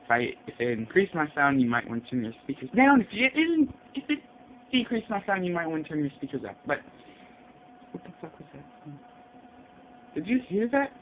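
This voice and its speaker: Speaking quickly in a slightly high voice with big pitch swings, a man swears constantly through a jumpy, rambling bedroom vlog. Tinny lo-fi audio carries a faint hiss.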